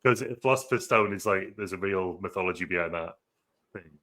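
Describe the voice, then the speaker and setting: A man's voice: low-pitched, a little fast, bright, forceful tone. A British man co-hosting a film review podcast, chatting casually and swearing freely. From United Kingdom. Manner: laid-back, swears casually. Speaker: podcast co-host. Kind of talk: casual chat.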